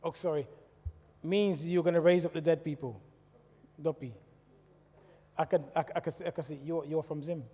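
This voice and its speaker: Man from the West Indies telling his story to a congregation in a chatty way; warm, somewhat high voice in a hall with long reverb. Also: steady tone, normal speed, pauses often, a little hiss or hum. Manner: conversational, asks the audience questions. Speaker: church speaker. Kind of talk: testimony talk to a congregation. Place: church hall.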